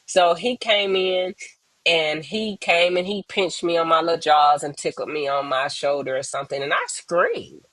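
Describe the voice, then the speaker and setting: A woman's voice: low voice, fairly even intonation, fairly bright tone, no room sound, rough recording. Earnest woman on a remote call. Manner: earnest, pauses often, acts out quoted voices. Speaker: guest sharing her story. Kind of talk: emotional personal testimony, slow and reflective.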